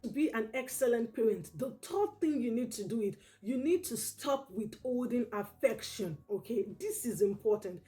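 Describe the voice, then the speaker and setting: A woman in an earnest parenting talk, repeating her points and checking in with "okay?" after nearly every line. Her voice sits fairly high but sounds mellow rather than bright. Faint music plays quietly under her. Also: expressive, normal speed, hardly any pauses. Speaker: parenting educator. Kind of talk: direct-to-camera parenting advice.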